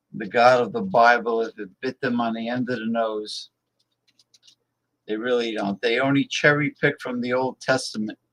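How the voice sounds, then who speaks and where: A blunt male host talking politics on a casual livestream, reading viewer messages aloud. He speaks emphatically and repeats words to hammer his points home. His pace is slow and drawn out, and his voice sits at an ordinary middle pitch. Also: fairly bright tone, low-quality recording.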